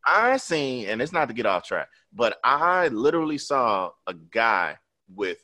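A man co-hosts a casual podcast chat, talking in an animated, emphatic way with plenty of cursing. His voice is bright and edgy. His pitch swings widely from low to high. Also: unhurried. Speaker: podcast co-host.

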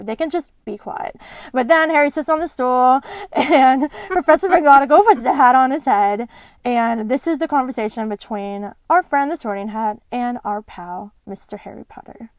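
A woman's voice: on the high side, no room sound. A young woman hosting a podcast, recapping a book in a bubbly, giggly way. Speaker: podcast host. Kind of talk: casual chat retelling a book.

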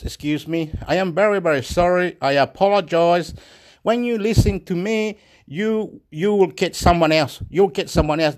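A man's voice: high voice, a little mellow. A man from Chile, speaking English with a Chilean Spanish accent, talks to the camera in a rambling, repetitive, emphatic monologue and swears now and then.

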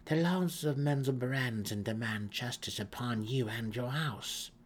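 A man voicing a ruthless, furious female dark elf matron with a sneering, demanding manner. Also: mid-range voice, a little slow, a little hiss or hum, pitched above the performer's own voice, close to an everyday voice. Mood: harsh demand.

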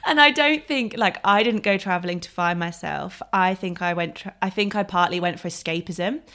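Chatty woman, lively storyteller. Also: fairly low pitch, fairly quick. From England. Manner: chatty, laughs often, animated storytelling. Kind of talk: casual chat.

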